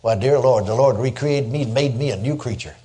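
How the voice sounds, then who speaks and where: A man's voice: medium pitch, fairly quick, warm tone. An older man preaching a sermon, telling stories in a folksy way and chuckling as he goes. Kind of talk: sermon with storytelling.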